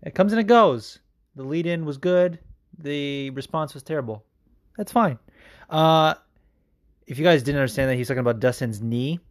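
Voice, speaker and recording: A man's voice: fairly high pitch, normal speed. A man hosting a podcast, chatting casually and rambling with frequent fillers, reacting to listeners' voice messages. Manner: rambling, laughs often, many fillers. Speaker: podcast host. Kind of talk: casual chat.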